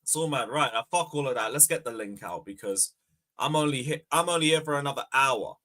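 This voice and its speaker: A young man hosting a fan livestream, bantering loudly, swearing and taunting viewers. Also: mid-range voice, lively intonation, brisk. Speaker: fan channel host. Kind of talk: casual livestream chat.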